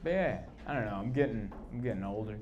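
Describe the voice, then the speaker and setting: A man in his thirties performing a stand-up comedy set, telling stories deadpan and acting out the quotes with sudden loud bursts. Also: lowish voice, quick pace, highs cut off. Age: 30s. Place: comedy club stage. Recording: live club recording with audible background noise.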